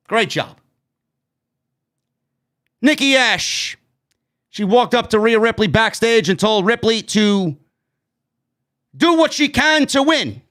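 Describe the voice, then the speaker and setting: Alone on the mic, a New York man reviews a wrestling show with blunt sarcasm and plenty of swearing, delivering his opinions freely. His voice is high-pitched and a bit bright.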